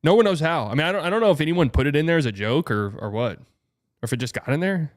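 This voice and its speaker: A man's voice: fairly high pitch, expressive, quick pace. A young man hosting a casual livestream, rambling through a story, laughing often and swearing. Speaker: streamer and show host.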